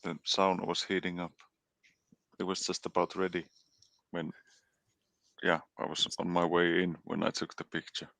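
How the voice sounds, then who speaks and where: A very low, gravelly man chats on a livestream in halting, restarting phrases. English is not his first language, and his sore chest makes him cough now and then. The sound is close and dry. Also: little pitch movement, fairly bright tone, no room sound. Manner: halting, restarts often, quick laughs. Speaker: co-host. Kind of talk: casual livestream chat.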